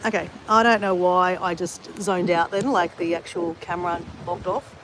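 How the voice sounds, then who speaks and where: A woman's voice: on the low side, steady tone, moderate pace, fairly bright tone, slight background noise, low-quality recording. An Australian woman chatting to her live viewers, rambling with many fillers and restarts as she exercises. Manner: exercising while talking. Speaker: vlogger. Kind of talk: casual chat to live viewers.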